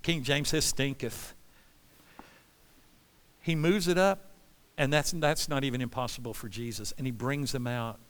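A man preaching a sermon with passion, swinging between loud pleas and hushed, quiet lines. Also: mid-range voice, unhurried, long pauses, clean tone. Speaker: pastor. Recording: long hall reverb.

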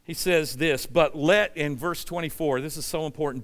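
A man preaching a passionate sermon as pastor, swinging from loud, urgent declarations down to low, quiet storytelling. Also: normal speed, few pauses, in a large hall. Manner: passionate, rising to near-shouting then dropping low. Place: church sanctuary.

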